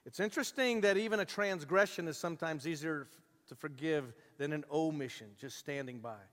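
Male pastor, high voice, lively storytelling sermon, long church-hall reverb. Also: brisk. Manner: animated storytelling, acting out the characters' voices.

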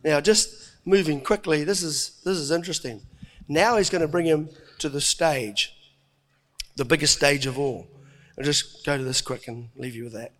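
A middle-aged man preaching a sermon, telling the story with lively acted-out voices and frequent chuckles. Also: fairly high pitch, normal speed. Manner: animated storytelling, acting out voices, chuckling often.

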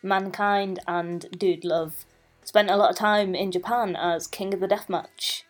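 A podcast co-host chatting casually in a relaxed, wry way, often pausing with ums. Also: male voice, sits high, soft background music.

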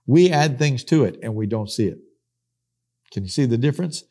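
Middle-aged guy preaching on the bible, warm dark tone, keeps repeating his point. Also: medium pitch, lively intonation, moderate pace, breathy edge. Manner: emphatic, repeats key phrases, acts out quoted speakers. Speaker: Bible teacher. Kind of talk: sermon teaching.

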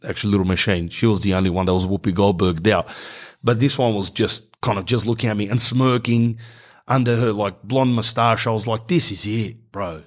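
A middle-aged man, telling a comic story in an exasperated, animated rant and calling the viewer "bro". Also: fairly low pitch, a little fast. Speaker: vlogger.

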